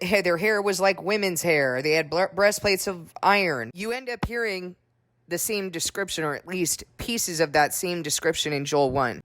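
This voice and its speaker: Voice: mid-range voice, fairly bright tone, dry recording. A preacher giving an earnest, warning Bible teaching. They read scripture aloud at length and break it up with rhetorical questions. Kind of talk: sermon-style Bible teaching.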